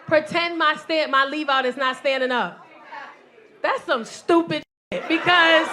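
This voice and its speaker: A woman in her forties performing a loud, animated stand-up set with crowd work, telling stories to a live audience. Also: high-pitched, a little slow. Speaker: stand-up comedian. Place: comedy club stage with live audience. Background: audience laughter.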